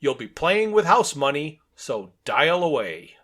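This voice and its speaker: A man's voice: fairly high pitch, big pitch swings, unhurried, a bit bright, heavily acted. A man voicing a smug, blustering eccentric detective from a comic, with a self-assured, knowing delivery.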